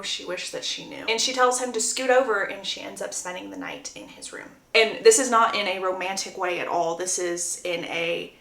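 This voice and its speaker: A woman's voice: mid-range voice, fairly bright tone. A young woman retelling a story in a chatty, dramatic way with playful asides. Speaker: book recap creator. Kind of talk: casual storytelling recap. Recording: roomy echo.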